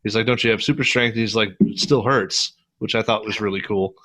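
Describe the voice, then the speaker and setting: A middle-aged man co-hosting a podcast, casually and profanely retelling movie scenes with lively voices. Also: on the low side, a little fast. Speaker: podcast co-host. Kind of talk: casual movie review chat.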